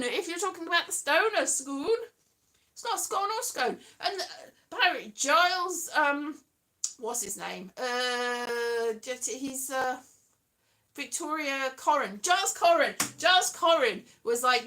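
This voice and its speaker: A woman's voice: high voice, big pitch swings, measured pace, pushed and bright. Whimsical woman singing her thoughts. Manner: whimsical, sings half her thoughts, playful wordplay. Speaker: vlogger. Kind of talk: rambling improvised chat and singing with guitar. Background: guitar playing.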